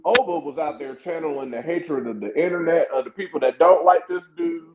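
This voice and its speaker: A man co-hosting a casual wrestling chat, animated and excitable, often slipping into impressions. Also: a little high, brisk, phone-quality sound, a crowd in the background. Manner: excitable, animated storyteller who slips into impressions. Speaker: podcast co-host.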